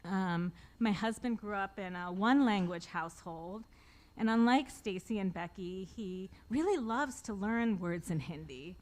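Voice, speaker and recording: A woman in her forties tells a personal story to a live audience in a wry, self-deprecating way. She laughs at her own punchlines. Her voice sits at an ordinary middle pitch for a woman. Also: animated, unhurried, a little mellow. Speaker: author telling a personal story on stage.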